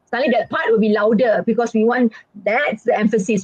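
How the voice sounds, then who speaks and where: A woman's voice: on the high side, steady tone, fast talker, few pauses, no echo. Chatty woman teacher, lo-fi. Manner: chatty, repeats points, many fillers. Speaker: teacher and exam coach. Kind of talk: online exam-prep lesson.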